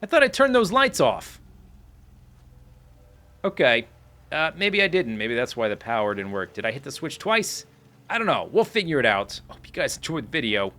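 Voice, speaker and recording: A man's voice: medium pitch, big pitch swings, fairly quick, sharp tone. A man hosting a let's play, chatting casually and rambling as he explains the game controls while he plays. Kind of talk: casual gameplay commentary.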